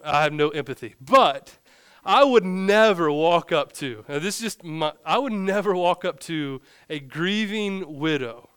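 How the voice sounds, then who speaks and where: A young man preaches a relaxed, humorous sermon, his voice smooth and resonant and a little high. The sound is dry and close, with no room echo around it. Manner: casual, joking preaching with vivid storytelling. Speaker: pastor.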